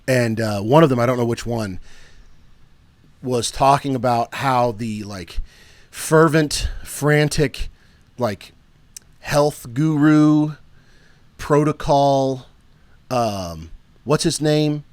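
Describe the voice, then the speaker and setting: A man's voice: medium pitch, no room sound. Tired young man rambling on a podcast. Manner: rambling, joking, trails off with fillers. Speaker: podcast co-host. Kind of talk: casual podcast banter.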